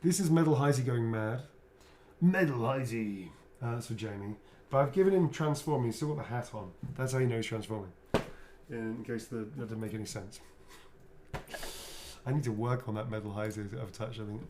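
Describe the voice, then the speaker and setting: A man chatting casually while he signs autographs on a livestream. He teases playfully, swears freely, chuckles often and drops to a quiet mutter while he draws. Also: fairly low pitch, a little fast, noisy background. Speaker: actor signing autographs on a livestream. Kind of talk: casual chat while signing.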